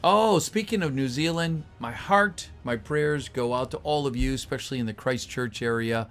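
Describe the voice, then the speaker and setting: Guy hanging out w his live chat, reading messages out, voice kinda tired, soft music in the back. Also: mid-range voice, moderate pace. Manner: chatty, greets viewers, reads chat messages aloud. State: voice getting tired. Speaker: voice actor reading a script on a livestream. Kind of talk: casual livestream chat with viewers.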